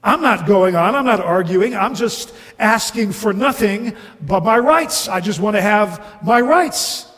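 A man voicing an indignant, self-righteous male ghost who insists loudly on his rights, reading in a sermon. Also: sits high, expressive, measured pace, hardly any pauses, long reverb tail, voice pushed up. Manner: loud, aggrieved, insistent.

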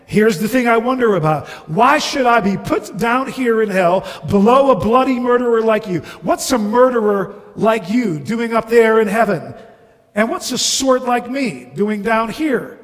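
A man voicing an indignant, self-righteous male ghost who insists loudly on his rights, reading in a sermon. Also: very high voice, expressive, measured pace, big-room sound, voice pushed up. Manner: loud, aggrieved, insistent.

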